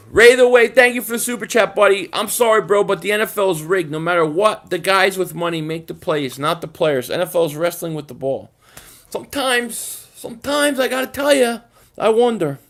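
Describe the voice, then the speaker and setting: Philly guy venting on a live stream, kinda high voice, keeps stuttering I, I, I. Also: expressive, normal speed, fairly bright tone. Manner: frustrated, repetitive, stammering restarts. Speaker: sports fan channel host.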